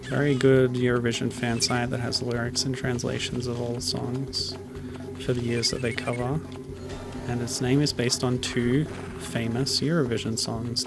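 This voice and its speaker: A man's voice: mid-range voice, creaky. A man streaming a video game, chatting casually and rambling off on tangents as he plays. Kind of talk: casual gameplay commentary. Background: game music.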